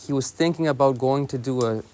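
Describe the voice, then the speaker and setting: A young man, a monk, telling a saint's story in a relaxed, casual way with lots of "you know" and "like". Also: mid-range voice, fairly quick. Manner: easygoing, many fillers like "you know" and "like".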